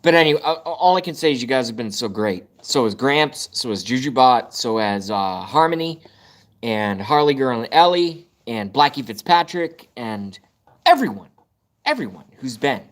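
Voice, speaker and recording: A man talks straight into his phone on a live stream, venting at length with frustrated swearing. His voice sits at an ordinary middle pitch. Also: big pitch swings, moderate pace. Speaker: livestream host. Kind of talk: casual live-stream rant. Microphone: phone camera at arm's length.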